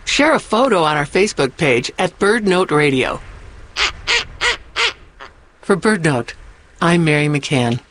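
A woman hosting a short radio segment, reading scripted narration in a measured way. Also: sits low, animated, slight background noise. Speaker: host of a bird radio segment.

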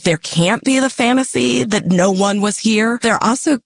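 A woman from the American West, an author and poet, answering interview questions in a measured, reflective way with frequent soft laughs. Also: a little high, vocal fry.

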